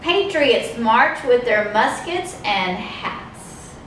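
A woman leading a children's storytime, reading aloud in a slow, sing-song, expressive way. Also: on the high side, a little hiss or hum. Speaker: children's librarian. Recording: echoey room, mic far off.

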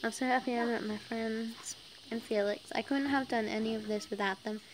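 A woman's voice: on the high side, fairly even intonation, brisk, noisy background. A young woman reading a fan story aloud, breaking off to giggle and comment, often stumbling over words. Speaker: fan fiction reader.

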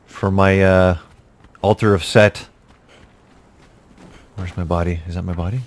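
A man's voice: low voice, level tone, measured pace. A man giving casual, jokey commentary over his own gameplay, talking to himself with exasperated outbursts. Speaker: gaming YouTuber.

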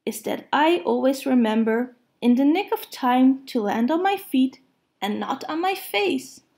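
Storybook: pompous, dignified owl, woman reading, slow and formal. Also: sits high, sing-song, mellow. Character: dignified, self-important male owl.

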